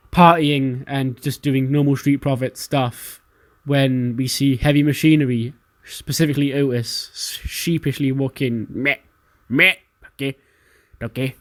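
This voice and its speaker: A man casually narrating his own playthrough of a wrestling management game. He swears freely and briefly acts out the characters' lines as he tells the story. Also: medium pitch. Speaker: game let's-player narrating a wrestling sim.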